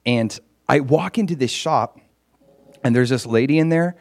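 A man casually recounting a ministry trip, growing animated and loud as the story builds. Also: normal speed. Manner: animated, gets loud and high when excited; frequent fillers and restarts. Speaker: traveling minister.

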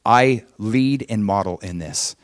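A man's voice: on the low side, takes it slowly, no echo, clean studio sound. A man preaching a sermon as pastor, emphatic and conversational, often checking in with his listeners. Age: adult father with children.

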